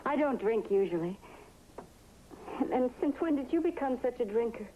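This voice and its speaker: An actress plays an anxious wife who keeps scolding her husband. Her voice sits fairly high and comes through a dull, muffled old TV soundtrack with a little hiss. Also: lively intonation, normal speed, natural voice. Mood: fretful. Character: worried, sharp-tongued wife of a waiter. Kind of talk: 1960s TV drama acting.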